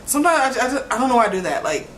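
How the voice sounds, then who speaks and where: A woman's voice: on the high side, very animated, very fast, a little hiss or hum. A young woman rambling casually in a vlog, filling nearly every phrase with "like" and laughing between sentences. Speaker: vlogger.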